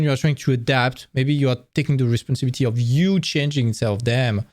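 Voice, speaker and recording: A man's voice: medium pitch, fairly quick, hardly any pauses, no echo, studio quality. A man giving a casual livestream presentation of career advice, blunt and candid, swearing freely and acting out quoted lines in a raised voice.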